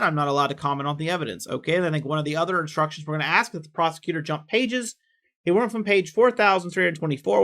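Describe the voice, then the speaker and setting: A man reading court records aloud with casual commentary, quick and offhand, dropping in personal asides. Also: on the high side, pushed and bright.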